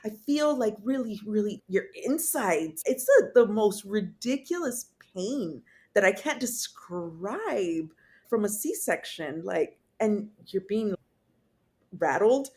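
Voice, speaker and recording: Young woman guest, raw and candid storytelling, casual swearing, mid-pitched voice. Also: lively intonation, slow, darkish tone. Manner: candid, casual, swearing, many fillers and restarts. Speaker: podcast guest. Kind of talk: emotional personal storytelling.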